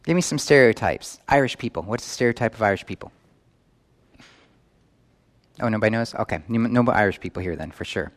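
In a fairly low, animated voice, a male pastor preaches briskly yet leaves long pauses. At his New York church he keeps questioning the congregation.

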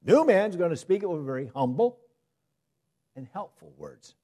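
Animated man preaching a sermon. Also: sits high, normal speed. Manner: animated, shifts from loud emphasis to soft asides.

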